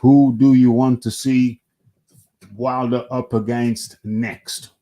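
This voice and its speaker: A man's voice: medium pitch, level tone, takes it slowly, mellow. A British man hosting a casual boxing talk show, repeating himself as he makes emphatic points. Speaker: boxing podcast host.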